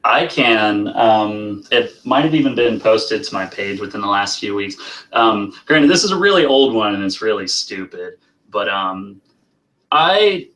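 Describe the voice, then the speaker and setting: A man's voice: on the low side, animated, measured pace, a bit bright, poor audio. A man, a guest prop maker, telling a self-deprecating story in casual chat. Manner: laughing, self-deprecating anecdote.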